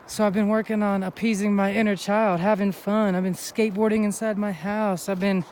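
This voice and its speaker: Man, high voice, heartfelt spiritual vlog, a bit winded from hiking, faint outdoor noise behind. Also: a little mellow. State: a little out of breath. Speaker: vlogger. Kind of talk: inspirational vlog talk. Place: outdoors on a snowy mountain.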